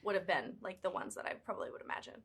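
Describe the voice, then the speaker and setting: A young woman with a British accent chats through a press junket interview, animated and full of fillers. Her voice is bright and forward, and her pitch sits in an ordinary middle range. She talks loosely and keeps jumping between thoughts. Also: very fast, vocal fry, breathy edge. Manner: chatty, animated, many fillers. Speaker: actress and author being interviewed.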